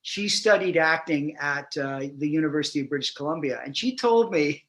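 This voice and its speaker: A man, an actor being interviewed, telling anecdotes in a lively, animated way and often laughing. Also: on the high side, brisk. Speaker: actor guest. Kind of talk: casual interview storytelling.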